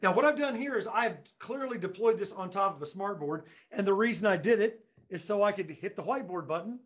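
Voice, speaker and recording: Man showing off classroom gear on a webinar, kinda high voice, jokey, roomy echo from far-off room mics. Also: animated, fairly quick. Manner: enthusiastic, joking, talks to viewers directly. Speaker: education technology presenter. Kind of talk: live webinar demonstration. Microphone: room conference microphones at a distance. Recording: echoey classroom audio.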